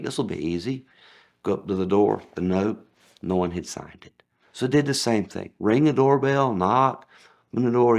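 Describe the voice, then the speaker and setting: A man telling sarcastic stories about his days as a delivery driver, acting out the people he quotes. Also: creaky. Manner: sarcastic, acts out quoted people with big pitch jumps. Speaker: former package delivery driver. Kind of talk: anecdotal storytelling.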